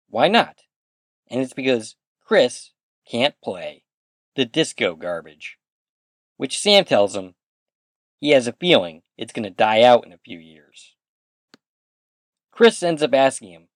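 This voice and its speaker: A man hosts a rewatch podcast and retells an episode in a casual, chatty way. His pitch rises and falls a lot as he quotes the characters. The sound is close and dry, with no room echo. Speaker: podcast host. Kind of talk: episode recap commentary.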